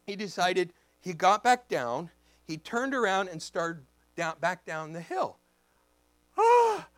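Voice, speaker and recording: Lively high-voiced male preacher. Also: measured pace, no echo. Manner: animated, acts out voices in his stories. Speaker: pastor. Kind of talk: storytelling sermon.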